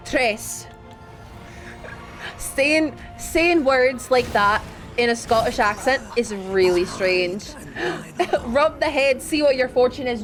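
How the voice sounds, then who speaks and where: High-voiced, unhurried playful woman streamer. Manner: playful, protests teasing from chat with mock indignation. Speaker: VTuber streamer. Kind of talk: casual gaming stream chat.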